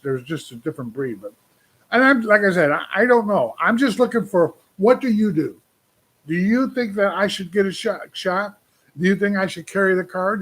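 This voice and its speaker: Husky-voiced man in his sixties, venting. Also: on the high side, a bit bright. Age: 60s. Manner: rambling, venting, asks viewers questions. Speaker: trucker livestream host. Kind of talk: casual livestream rant.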